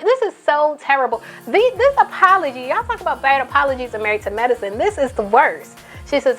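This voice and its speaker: Emphatic female commentator, higher register, faint music underneath; casual, opinionated delivery. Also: lively intonation, fast talker, fairly bright tone. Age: adult, a mother. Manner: outspoken, emphatic, repeats for emphasis. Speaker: commentary YouTuber. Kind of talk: casual commentary, reading tweets aloud.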